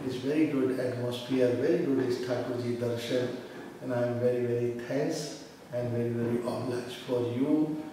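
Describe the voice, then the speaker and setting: Man preaching in a booming echoey hall. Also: fairly even intonation, distant mic, slight background noise. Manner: halting non-native English, swells into loud chanting. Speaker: guru giving a lecture. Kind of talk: devotional sermon.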